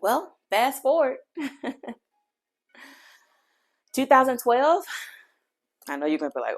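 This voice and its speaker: A woman's voice: high-pitched, sing-song, takes it slowly, long pauses. A woman podcast host telling a personal faith testimony in an earnest, heartfelt way, speaking directly to her listeners.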